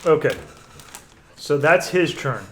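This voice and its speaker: A man running a tabletop game as game master, counting dice out loud and often correcting himself mid-sentence. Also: a little high, animated, slow.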